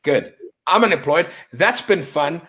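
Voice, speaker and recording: A man's voice: fairly high pitch, animated, measured pace, bright, forceful tone. A South African man hosting a casual podcast chat, rowdy and profane. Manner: rowdy, profane, mimics voices for laughs. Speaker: podcast host.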